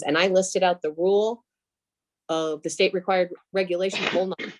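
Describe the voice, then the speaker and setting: A woman's voice: on the low side, a little fast. A woman in a directors' meeting, explaining a process step by step in a matter-of-fact way. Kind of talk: casual meeting talk.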